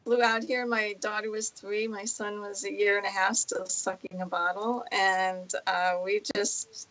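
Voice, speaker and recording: A woman's voice: medium pitch, flat delivery, a little slow, a bit bright, poor audio. A middle-aged woman from New York, a guest on a talk show, chatting in an emotional, rambling way with laughs. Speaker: guest, healing center owner. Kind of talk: casual interview chat.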